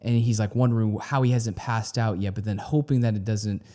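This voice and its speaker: A man hosting a music reaction video, talking casually and thinking aloud, with frequent pauses and restarts as he asks viewers questions. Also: lowish voice, fairly even intonation, warm tone.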